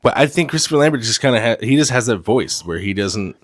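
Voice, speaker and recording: Joking male podcast co-host, fairly low voice. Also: animated, quick pace, no room sound. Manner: joking, laughing, profane. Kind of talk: casual chat.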